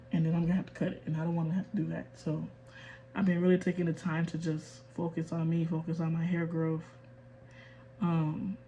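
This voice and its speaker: A young woman from the US in her twenties talks candidly to camera in a personal rant. She speaks quietly and holds back emotion, then turns firm and emphatic. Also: lowish voice, a little hiss or hum. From United States. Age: 20s. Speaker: vlogger.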